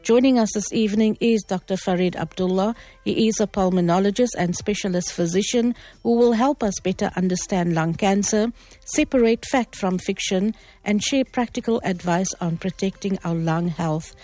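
A woman's voice: medium pitch, moderate pace, dark tone, no echo. Chatty South African radio host woman. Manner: friendly, chatty, greets in several languages. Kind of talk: radio talk show presenting. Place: radio studio. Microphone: studio microphone.

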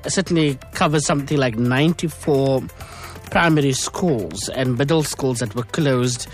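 A man hosting a morning radio talk show, reading news in a brisk, conversational way with frequent fillers. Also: mid-range voice.

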